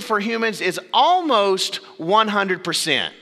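High, bright-voiced preacher in a hall. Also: male voice, expressive. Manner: dynamic preaching with dramatic pauses and sudden drops to low, quiet phrases. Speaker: pastor. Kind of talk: sermon. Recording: long reverb of a big hall.

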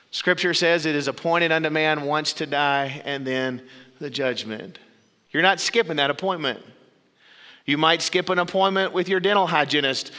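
A man preaching a sermon as pastor, with dramatic pauses and sudden drops to low, quiet phrases. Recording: long reverb of a big hall.

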